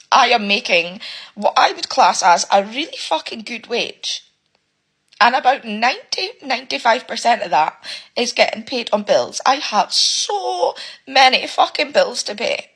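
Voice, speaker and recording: A woman who is a single parent, ranting emotionally and haltingly with frequent swearing. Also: fairly high pitch, fairly bright tone, husky. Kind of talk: emotional personal rant.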